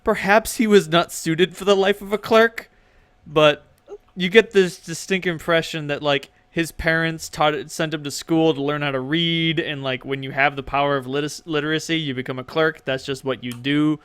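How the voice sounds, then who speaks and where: A man's voice: on the high side, fairly even intonation, normal speed, a bit bright, clean tone, no room sound. Casual stumbling male game master. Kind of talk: narrating a tabletop game.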